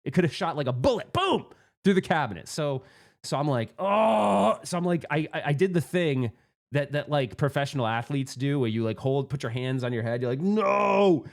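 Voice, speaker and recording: A man telling a rambling, excitable story about a pinball tournament, restarting often and working himself up. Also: medium pitch, a little fast. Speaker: pinball vlogger. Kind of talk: casual storytelling monologue.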